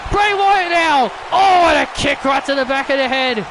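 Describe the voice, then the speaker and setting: A man giving excited play-by-play commentary over a wrestling video game, often shouting his calls. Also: very high voice, normal speed. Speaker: gaming commentator. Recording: loud game crowd and noise behind. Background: wrestling game crowd noise.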